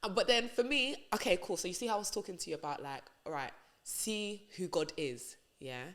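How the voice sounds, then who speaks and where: A young woman, a radio presenter chatting as a podcast guest and telling stories in an animated, slangy way. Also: lowish voice, fairly quick. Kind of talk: casual podcast chat.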